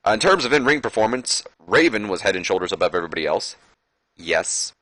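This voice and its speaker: A man chats his way through a game, reading out results and ratings with a self-mocking edge. His voice is bright and forceful and sits on the low side. It is recorded close and dry, with no room sound. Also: sing-song, fast, no room sound. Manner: chatty, self-mocking, reads out match results. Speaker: let's-play commentator. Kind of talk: casual game commentary.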